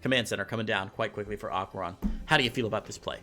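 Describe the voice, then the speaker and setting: A young adult man casting an esports match, excitable and quick to laugh. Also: on the low side, faint music behind. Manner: lively, excitable, laughs often. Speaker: esports caster. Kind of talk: animated play-by-play commentary.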